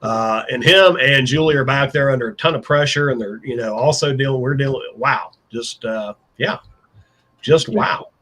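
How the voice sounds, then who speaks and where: A man hosting a panel show, animated and building suspense before announcements. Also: medium pitch, moderate pace. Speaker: show host.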